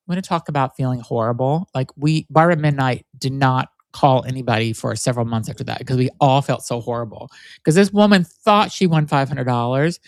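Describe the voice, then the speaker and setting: A man's voice: on the high side, no echo. A man from Florida hosting a podcast alone, talking casually in a rambling, candid way, often correcting himself and swearing. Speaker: podcast host. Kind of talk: casual solo podcast monologue.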